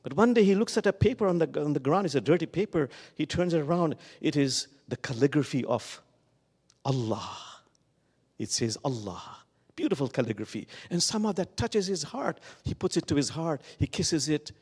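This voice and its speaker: A man with a slightly high, darkish, somewhat rough voice preaches expressively as a guest speaker at a Sunday service. His storytelling sermon echoes with the long reverb of a large church sanctuary, and he lingers slowly on key words.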